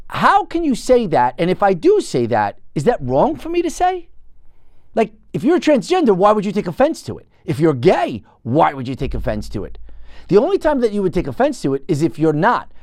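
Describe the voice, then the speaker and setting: A man talks through a story on his own show, restarting sentences as he goes. His pitch swings widely and his delivery is animated. The recording is dry and close, with no room sound. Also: no echo. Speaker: podcast host. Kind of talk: casual monologue.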